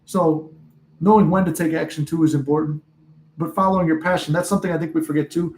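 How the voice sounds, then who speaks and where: Casting: young male life coach, slightly high voice, loose profane rambling live-stream chat from a home office. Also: steady tone, fast talker, darkish tone, slight background noise, poor audio. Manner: rambling, profane, laughs often, acts out inner voices.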